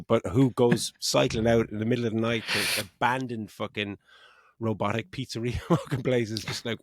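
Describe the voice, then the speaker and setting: A man's voice: medium pitch, moderate pace, dry recording. Sweary mocking middle-aged man, dry sound. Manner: sweary, mocking, laughing often. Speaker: podcast co-host. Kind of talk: casual film review chat.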